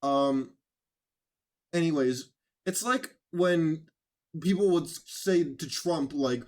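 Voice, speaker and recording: A man's voice: a little high, slow pace, a little mellow. A man hosting casual political commentary, sarcastic and rambling, who mocks others by putting on voices. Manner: rambling, with restarts.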